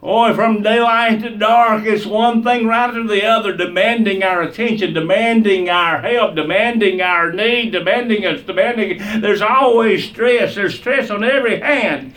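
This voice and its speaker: A man's voice: sits high, normal speed, few pauses, fairly bright tone, far from the mic. A man preaching a sermon with an emphatic, repetitive cadence.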